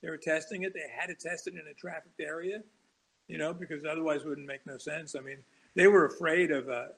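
A man talks as a guest on a talk show, spinning long anecdotes that wander, restart and break into chuckles. His voice is gravelly and husky, pitched a bit high for a man. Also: fairly even intonation, a little fast, a bit bright, poor audio. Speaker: author guest. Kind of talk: casual storytelling interview.

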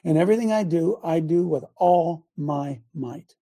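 Gravelly, emphatic older male host. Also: a little high, moderate pace. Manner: loud, emphatic, repeats himself for emphasis. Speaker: show host and former football coach. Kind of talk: impassioned talk show monologue.

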